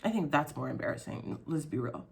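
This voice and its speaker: Young woman YouTuber, frank and sensitive, swears freely, slightly low voice, casual vlog delivery. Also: expressive, a little fast, gravelly, darkish tone. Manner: candid, heavy swearing, frequent fillers; emotional, sensitive.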